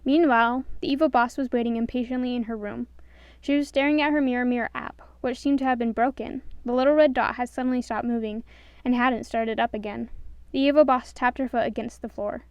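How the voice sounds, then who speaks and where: Smooth-voiced woman storyteller. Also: on the high side, brisk, no room sound. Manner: expressive, does all voices. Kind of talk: storybook narration.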